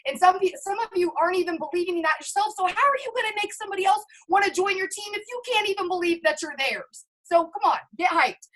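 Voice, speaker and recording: Hyped high-voiced woman giving a pep talk. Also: fast talker, hardly any pauses, a bit bright, rough recording. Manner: hyped, emphatic, addresses listeners directly. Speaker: network marketing team leader. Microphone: video call.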